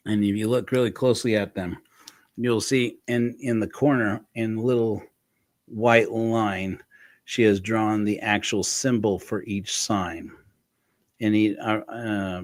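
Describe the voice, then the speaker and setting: A man's voice: lowish voice, dry recording. A man hosting a casual livestream chat, rambling and self-correcting as he tells stories. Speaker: host.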